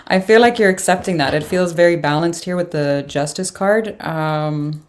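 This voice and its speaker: Female tarot reader, low voice, casual, reactive. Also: measured pace, slight background noise. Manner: reacts aloud to cards with surprised exclamations and laughs.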